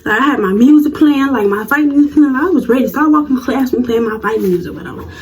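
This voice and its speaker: A 19-year-old woman telling a storytime vlog in a slangy, animated way. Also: high voice, fast, low-quality recording. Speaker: vlogger.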